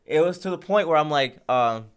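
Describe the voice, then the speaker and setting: A man's voice: fairly high pitch, a little fast, smooth. Man animatedly retelling a story. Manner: animated retelling, acts out phone calls, laughs often. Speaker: podcast host. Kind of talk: casual storytelling chat.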